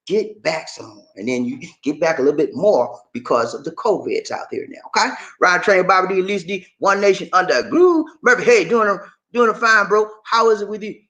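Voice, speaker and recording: A man hosting a casual livestream, answering viewers' comments in an animated, preachy way and often tagging his sentences with "man" and "y'all". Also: sits high, fairly quick, few pauses. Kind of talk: casual live chat with viewers.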